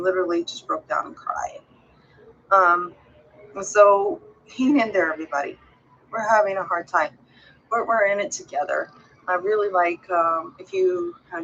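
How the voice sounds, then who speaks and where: A woman's voice: on the low side, gravelly, fairly bright tone, a little hiss or hum, poor audio. A woman vlogger talking to her viewers in a casual, heartfelt way, rambling and earnest as she encourages them.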